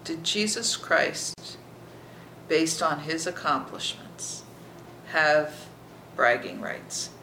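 Bible teacher explaining scripture verse by verse, gravelly and often hushed, recorded in an echoey room with noise behind. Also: mid-range voice, lively intonation, extremely slow. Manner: reads scripture aloud, then explains it verse by verse; checks in with listeners by asking "okay?".

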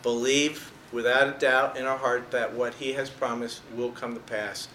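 Speaking at a moderate pace, a man with a mid-range, level voice that sounds pushed and bright gives a conversational Bible teaching. He presses on key words and laughs at his own jokes, while the room adds echo and faint noise.

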